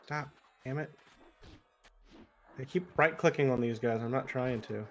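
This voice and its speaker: A man livestreaming an online game, chatting casually with a friend, relaxed and chuckling as he muses over how words are pronounced. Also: medium pitch, unhurried. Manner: laid-back, chuckling, muses on word pronunciation. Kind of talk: casual chat while gaming.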